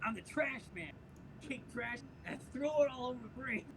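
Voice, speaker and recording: A man doing an impression of a famous short comic actor, playing a trash-throwing brawler in a shouty, gleeful delivery. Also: very high-pitched, animated, normal speed, vocal fry, pitched above the performer's own voice, full character voice. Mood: boastful.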